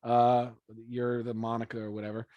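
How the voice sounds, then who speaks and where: A man interviews a band on a podcast at a moderate pace, his medium-pitched voice recorded without echo but with the highs cut off. The chat is casual; he swears freely, laughs often, and acts out moments using different voices.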